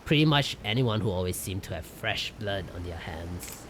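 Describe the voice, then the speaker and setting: Animated male game streamer. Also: sits low, moderate pace, a little hiss or hum. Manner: animated, joking, reads text aloud. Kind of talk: live gameplay commentary and reading.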